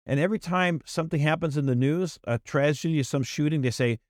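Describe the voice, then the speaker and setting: A man co-hosting a political talk podcast, speaking in an emphatic, animated way with frequent restarts. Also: on the high side, brisk, few pauses, dry recording, clean studio sound. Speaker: podcast co-host. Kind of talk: casual political chat.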